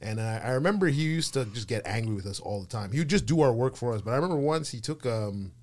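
A man's voice: medium pitch, expressive, fast talker. A man from Montreal's West Island, a podcast guest, telling a school story with frequent hesitations and restarts. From Montreal's West Island, Canada. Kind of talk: casual storytelling chat.

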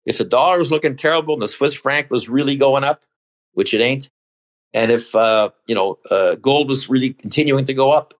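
Speaking at an ordinary pitch, a man appears as a podcast guest and casually talks through market charts in a loose, chatty manner. He frequently halts mid-sentence to restart or correct himself, then carries on with his point. The recording quality is low.

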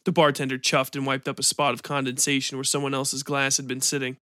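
A man hosting a podcast and reading a short story in an even, measured way. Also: mid-range voice, dry recording, clean studio sound. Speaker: podcast host and narrator. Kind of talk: scripted story narration.

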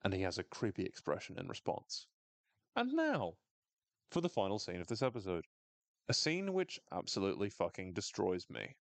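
A man casually recapping a TV episode on a podcast, animated, sweary and wry. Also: deep voice, normal speed, creaky, dry recording.

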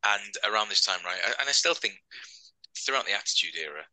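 On a wrestling podcast, a male co-host rambles through match recaps in a chatty, joking, casual way. His lowish voice is bright and forceful, with lively intonation and a quick pace, recorded with no echo but poor audio quality.

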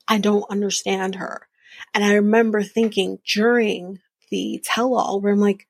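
A woman's voice: medium pitch, steady tone, a little slow, vocal fry, husky, no echo. A woman in her early thirties hosting a podcast, giving a blunt, profane, opinionated casual recap of a reality show. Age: early 30s. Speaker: podcast host.

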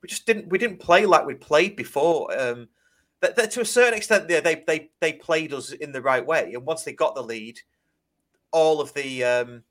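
A man, hosting a fan podcast in casual chat and telling stories in an animated way. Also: on the high side. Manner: chatty, animated storyteller with restarts. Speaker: podcast host.

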